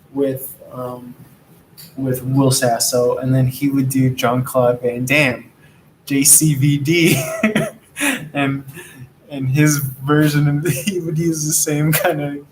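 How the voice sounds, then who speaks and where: A man's voice: medium pitch, reverberant, slight background noise, low-quality recording. A man giving a casual, rambling tarot reading, laid-back and drifting from topic to topic. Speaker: tarot reader.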